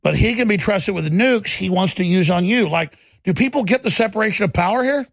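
A male talk show host in heated political talk, with a gravelly, raspy voice and rapid, insistent ranting. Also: high voice, no echo.

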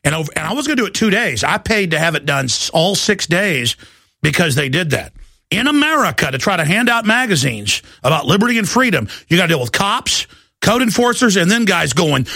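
Gravelly, shouting talk radio man. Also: sits high, big pitch swings, brisk, dry recording, studio quality. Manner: ranting, shouting, repetitive, urgent. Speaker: radio talk show host. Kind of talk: impassioned talk radio monologue.

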